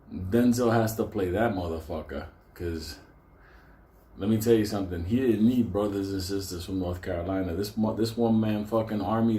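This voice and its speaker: A man's voice: low voice, warm tone. A man telling a story casually, rambling, laughing and swearing a lot. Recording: roomy echo.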